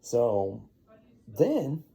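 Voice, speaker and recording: Very slowly and mellowly, a father spins an improvised bedtime story while tending to his baby at home. His medium-pitched, creaky voice swings hugely in pitch, and his talk is rambling, relaxed, and packed with "you know."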